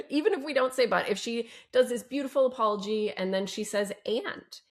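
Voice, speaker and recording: A woman relationship coach speaking as a guest on a podcast interview, upbeat and expressive. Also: on the high side, a little fast. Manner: upbeat and expressive, fond of gentle emphasis.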